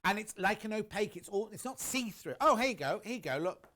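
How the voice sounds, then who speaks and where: A man hosts a live shopping demonstration from a TV studio, chatting eagerly to the viewers at home. His voice sits a little high and swoops up and down with lively intonation. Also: fast talker. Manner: chatty, enthusiastic, talks straight to viewers. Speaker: shopping channel presenter.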